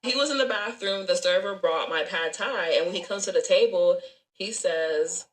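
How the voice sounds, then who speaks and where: A woman telling a story about a bad date, animated and swearing, acting out both sides of the dialogue. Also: lowish voice, moderate pace, rough recording. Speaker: storyteller in a clip. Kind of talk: story time, casual telling.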